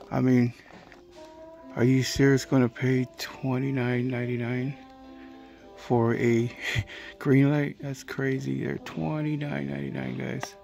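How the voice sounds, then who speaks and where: A man's voice: medium pitch, gravelly, darkish tone. A man from California in casual commentary as he walks a hobby store, muttering laid-back reactions and ranting about prices. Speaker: diecast collector vlogger.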